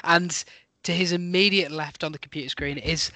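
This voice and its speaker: Bright, teasing podcast host. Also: male voice, on the high side, fairly even intonation, moderate pace. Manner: playful, teasing, rambling. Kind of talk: casual chat.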